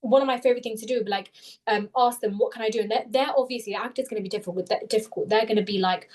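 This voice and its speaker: Fast-talking young woman tutor, animated. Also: on the high side. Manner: fast, animated, self-correcting explanations. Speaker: interview tutor. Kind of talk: live webinar Q&A teaching.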